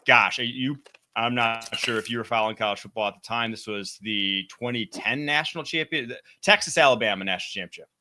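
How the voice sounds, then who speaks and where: A man's voice: mid-range voice, brisk, noisy background. A young man from Wisconsin with a Wisconsin accent, co-hosting and chatting casually about football. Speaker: sports analyst co-host. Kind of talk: casual sports chat over video call.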